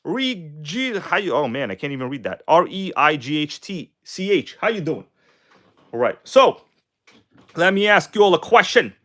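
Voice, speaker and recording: A man hosting a casual live stream, chatting excitedly with viewers and reading their comments aloud. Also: fairly high pitch, moderate pace. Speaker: RC car livestream host.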